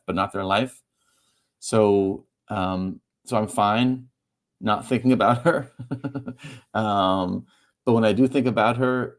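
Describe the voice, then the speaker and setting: Low-voiced man, halting and heartfelt. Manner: halting, repeats words, stumbles through fillers; laughs softly mid-sentence while talking. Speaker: author and guest. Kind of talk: emotional conversational interview.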